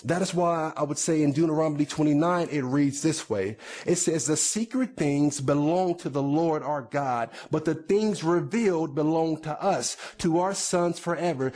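Man in the pulpit, somewhat high voice, chatty sermon with side notes. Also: a little slow, few pauses, darkish tone. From United States. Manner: conversational preaching with repetitions and asides. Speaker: pastor.

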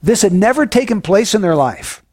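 Male preacher, sermon, earnest and emphatic, hushed solemn drops, high voice, dry close sound. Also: expressive, normal speed, slightly rough, no echo.

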